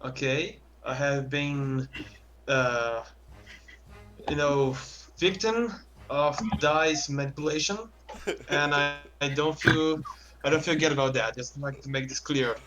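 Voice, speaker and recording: A man playing a tabletop game lodges a mock-formal complaint at the table. His voice is slightly high for a man. He talks at an even, deliberate pace. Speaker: player. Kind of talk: casual game talk.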